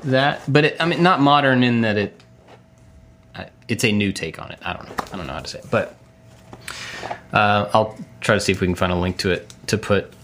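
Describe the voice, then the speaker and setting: A middle-aged man co-hosting a podcast, telling stories in a relaxed, chatty way with many fillers and laughs. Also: lowish voice, fairly quick, long pauses, a little hiss or hum. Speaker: podcast co-host. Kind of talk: casual chat.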